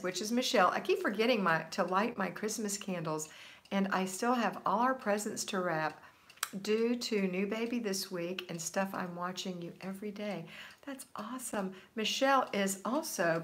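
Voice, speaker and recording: Woman, livestream host, casual chat, upbeat, encouraging, mid-pitched voice. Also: fairly bright tone. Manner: upbeat, encouraging, reads comments aloud. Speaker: livestream host answering viewer comments. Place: home, Florida.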